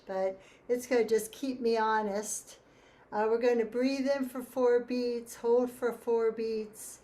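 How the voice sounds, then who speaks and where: A woman leading a choir through breathing warm-ups, counting beats and giving calm instructions. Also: on the high side. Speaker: choir leader. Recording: faint ticking metronome.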